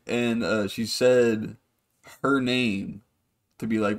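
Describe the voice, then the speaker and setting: A man's voice: lowish voice, a little slow. A man hosting a podcast, rambling through a casual story, swearing freely and acting out the people in it. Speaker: podcast host.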